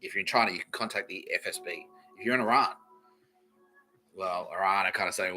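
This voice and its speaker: A comedy podcast host with a low voice delivers a brisk, bright and forceful monologue, swearing constantly, repeating phrases and laughing at his own lines. The recording quality is poor.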